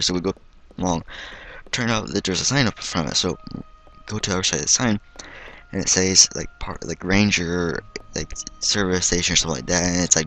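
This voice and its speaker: A man with a deep, low voice telling a story from his own life in a loose, rambling way. He leans on "like" and "and stuff like that" and gets animated when he quotes himself. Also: quick pace. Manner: rambling, heavy use of "like" and "and stuff like that". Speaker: vlogger telling a personal story. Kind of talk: casual storytelling.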